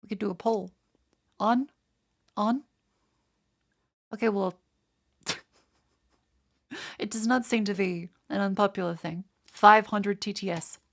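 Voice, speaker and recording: A woman's voice: medium pitch, fairly even intonation, takes it slowly, pauses often. A woman with an Australian accent, chatting casually on a livestream and swearing freely. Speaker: streamer.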